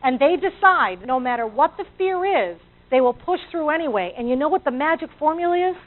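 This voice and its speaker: A woman's voice: high-pitched, lively intonation, fairly quick. A woman giving a motivational talk to a live audience, acting out inner voices and asking the audience questions. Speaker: motivational speaker. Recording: tinny, phone-like audio.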